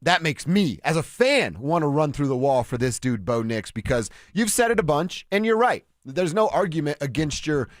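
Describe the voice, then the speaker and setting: An excitable male sports radio host from Colorado whose lively voice jumps around as he gets fired up. He sounds dry and close to the studio mic. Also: a little high, moderate pace, few pauses, dry recording. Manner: excitable, animated, restarts a lot. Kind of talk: casual sports talk.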